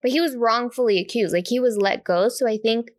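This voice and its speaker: A chatty woman with a fairly high voice, recorded close and dry with no room sound. She co-hosts a casual podcast, giggling often between her sentences. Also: fairly quick, no echo. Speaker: podcast co-host. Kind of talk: casual chat.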